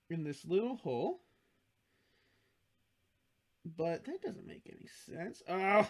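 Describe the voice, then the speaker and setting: A tired man hosting a casual livestream, rambling and jokey, swearing freely and slipping into silly accents. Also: on the high side. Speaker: livestream host building model kits.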